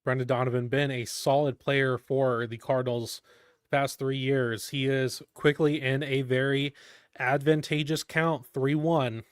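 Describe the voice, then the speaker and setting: A man giving live fan play-by-play of a baseball game, calm between pitches and shouting on big plays. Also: measured pace, smooth, no echo, clean studio sound. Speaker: fan commentator.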